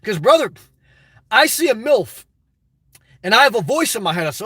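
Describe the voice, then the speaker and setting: A man hosting a livestream, reading chat and rambling in a crude, excitable, off-the-cuff way from inside his car. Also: high-pitched, normal speed, husky, no echo.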